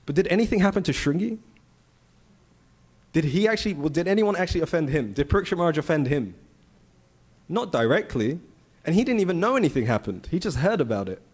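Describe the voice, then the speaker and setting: Male temple speaker, slightly high voice, chatty storytelling scripture class. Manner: conversational, animated storytelling with rhetorical questions. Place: temple hall.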